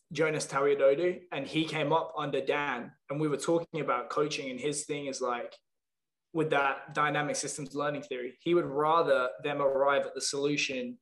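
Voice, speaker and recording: A man hosting a podcast, chiming in briefly and swearing casually. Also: mid-range voice. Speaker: podcast host.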